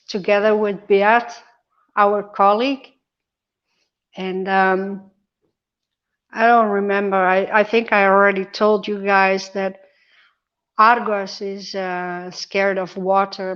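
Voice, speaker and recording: A woman's voice: medium pitch, a bit bright, clean tone, muffled recording. A woman talking casually to her phone camera from a hospital ward, chatty and emotional. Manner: chatty, emotional, tearful at times. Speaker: vlogger. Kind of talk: casual hospital-bed vlog. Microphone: phone held close.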